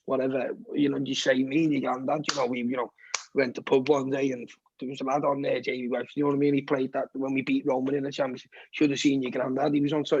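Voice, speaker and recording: A man's voice: medium pitch, a little mellow, dry recording. A man in his twenties with a Scouse accent, a guest musician chatting casually on a podcast, rambling, swearing and often asking "you know what I mean". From Liverpool, England. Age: 20s. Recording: dull, dry lo-fi podcast audio.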